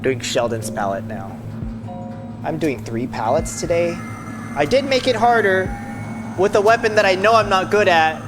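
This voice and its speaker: A woman's voice: on the low side, lively intonation, moderate pace. A woman streamer giving casual, rambling, joking commentary while playing, talking to her viewers. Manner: rambling, joking, talks to chat. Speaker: game streamer. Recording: game music behind voice.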